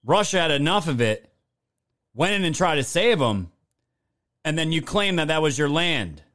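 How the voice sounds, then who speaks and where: A man's voice: on the high side, very animated, moderate pace, fairly bright tone. A man doing angry, profane, sarcastic video commentary as a political commentator.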